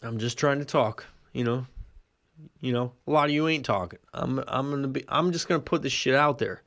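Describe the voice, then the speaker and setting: A man hosting a rambling solo podcast, swearing constantly and ranting crudely, his voice jumping up during rhetorical questions. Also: a little fast. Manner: profane, crude and animated, heavy swearing; jumps up in pitch when ranting rhetorical questions. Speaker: podcast host.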